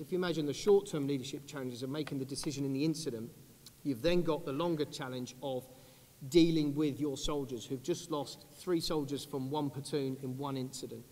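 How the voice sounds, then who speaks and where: A British army officer in his 30s speaks on a conference panel in a large hall with long reverb. His slightly high male voice is earnest and measured, dropping low and quiet on grave points.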